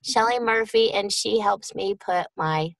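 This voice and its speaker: A woman's voice: mid-range voice, unhurried, creaky, no room sound, poor audio. A middle-aged voice actress talking casually and upbeat about her work, calling listeners darling. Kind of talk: casual chat.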